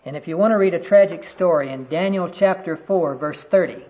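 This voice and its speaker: A man's voice: a little high, brisk. A man preaching a sermon to a conference audience, telling stories earnestly and quoting scripture. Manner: earnest storytelling, quotes scripture. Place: conference room. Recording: dull lo-fi sermon recording.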